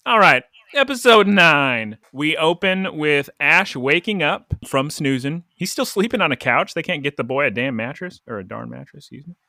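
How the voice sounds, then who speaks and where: A man's voice: a little high, lively intonation, normal speed, gravelly, few pauses, pushed and bright, no room sound, clean studio sound. A man co-hosting a podcast, recapping an anime episode in rambling, jokey casual chat full of "like". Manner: rambling, jokey, lots of "like" fillers. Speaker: podcast co-host.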